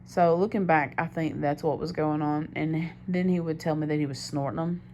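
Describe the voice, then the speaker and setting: A young woman with a notably low voice tells a personal story straight to the camera. She rambles candidly and keeps doubling back mid-sentence, with a faint hiss under her voice. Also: fairly even intonation, normal speed, a little mellow. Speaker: diary vlogger. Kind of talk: confessional storytelling monologue.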